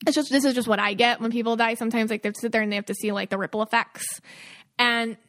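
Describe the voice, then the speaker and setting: A woman's voice: a little high, steady tone, very fast, fairly bright tone. A woman co-hosting a podcast, talking in a musing, emotional way about her intuitive impressions. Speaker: podcast co-host. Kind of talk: casual podcast chat.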